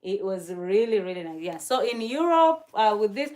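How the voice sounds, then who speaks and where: A woman's voice: medium pitch, sing-song, normal speed, darkish tone. Gushing, chatty woman host on a livestream. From Kenya. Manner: chatty, gushing, laughs often, reads viewer comments aloud. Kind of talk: casual live-stream chat.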